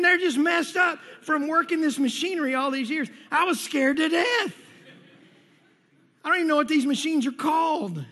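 High-voiced preacher in a reverberant hall. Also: male voice. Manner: animated, folksy preaching with repeated phrases. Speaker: pastor. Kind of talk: sermon. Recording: long reverb of a large hall.

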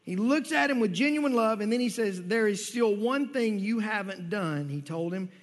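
A man with a high voice preaches a sermon. He talks in a casual, conversational way, restarts his phrases and slows down to stress key words. The sound carries the long reverb of a church hall. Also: animated. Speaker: pastor. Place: church sanctuary.

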